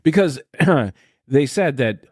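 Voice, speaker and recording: A man's voice: mid-range voice, lively intonation, takes it slowly, darkish tone, breathy edge, no echo, clean studio sound. A man hosting a podcast in casual chat, joking and crude in his banter. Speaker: podcast host.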